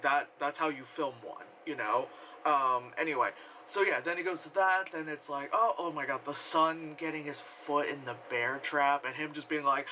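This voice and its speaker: A man's voice: a little high, pushed and bright, slight background noise, low-quality recording. A man giving a casual, rambling film review full of fillers and offhand swearing. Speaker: movie reviewer.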